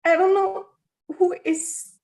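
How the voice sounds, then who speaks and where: A woman's voice: very high-pitched, flat delivery, slow, vocal fry, a little mellow. A woman taking part in a live healing session over a video call, asking questions in a hesitant way. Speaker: participant.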